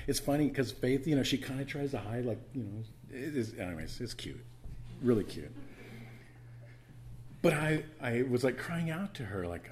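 A middle-aged pastor preaches in a conversational style full of personal asides, swinging between loud emphasis and quiet, intimate moments. His mid-range voice is animated and a little fast, with a little hiss or hum in the recording.

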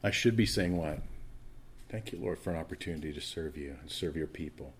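A man preaching a morning sermon as pastor, swinging from loud emphatic lines to hushed asides and often repeating words as he restarts. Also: very deep voice, a little fast, slight background noise.

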